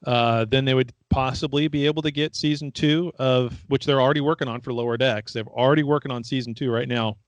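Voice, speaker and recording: A man's voice: mid-range voice, fairly even intonation, a little fast, hardly any pauses, no echo, dull audio. A man hosting a casual podcast chat, talkative and a little sarcastic, laughing often. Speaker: podcast host.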